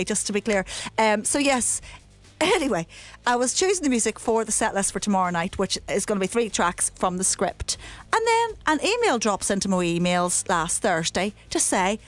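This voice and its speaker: A woman presenting a radio music show, chatty and self-deprecating, rambling into asides between tracks. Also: mid-range voice. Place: radio studio. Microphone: studio microphone.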